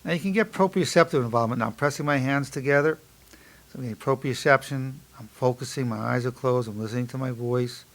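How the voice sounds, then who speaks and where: Gravelly emphatic man in his sixties lecturing. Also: mid-range voice. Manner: repeats affirmations slowly and softly during exercise. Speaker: psychologist lecturer. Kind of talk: instructional lecture with guided exercise.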